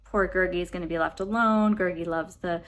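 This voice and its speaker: A woman's voice: on the low side, steady tone, a little fast, a bit bright, natural voice. A woman voicing a pitiful, clingy male creature who whines and speaks of himself in the third person.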